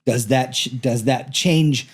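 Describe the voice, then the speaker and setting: A man of middling pitch co-hosting a loose podcast conversation. He jokes, laughs easily and likes to throw out provocative ideas. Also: slow pace, breathy edge. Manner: joking and laughing, playful provocation. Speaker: podcast co-host. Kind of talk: casual chat.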